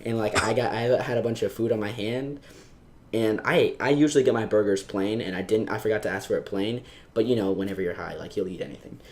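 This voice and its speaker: Young male co-host, low voice, excitable, interrupts and laughs. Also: fast. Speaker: podcast co-host. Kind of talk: casual chat.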